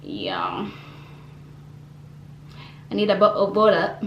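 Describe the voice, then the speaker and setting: A woman's voice: mid-range voice, measured pace, lo-fi sound, a little hiss or hum. A young woman from Uganda, chatting casually in a vlog Q&A, rambling with lots of fillers and restarts. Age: young adult. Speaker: vlogger. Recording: echoey room with faint ambience.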